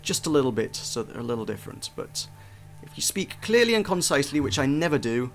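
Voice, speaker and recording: A man's voice: medium pitch, very animated, quick pace, gravelly, soft background music. Chatty man giving gameplay commentary. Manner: chatty, self-deprecating, frequent restarts. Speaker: game reviewer.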